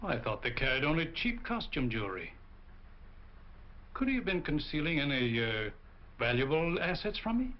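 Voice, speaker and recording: A man's voice: on the high side, sing-song, moderate pace, long pauses. An actor playing an anxious, polite businessman who speaks fussily and hesitantly. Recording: muffled 1940 film soundtrack with hiss.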